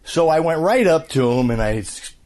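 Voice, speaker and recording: A man in his fifties, a voice actor, telling stories in a casual interview with an animated, filler-laden manner. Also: fairly high pitch, normal speed. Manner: animated storyteller, many fillers. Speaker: voice actor, guest.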